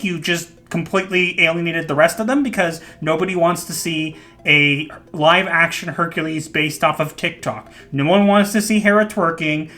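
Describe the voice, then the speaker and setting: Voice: mid-range voice, bright, forceful tone. A podcast host chatting casually, opinionated and laughing often. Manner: opinionated, laughs often, jokey put-on voices. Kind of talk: casual chat.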